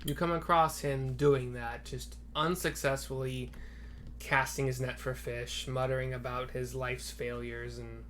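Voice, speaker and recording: A man's voice: medium pitch, measured pace, a little hiss or hum. A man running a tabletop game as game master, narrating casually with fillers. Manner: relaxed, with fillers, breaks into laughs.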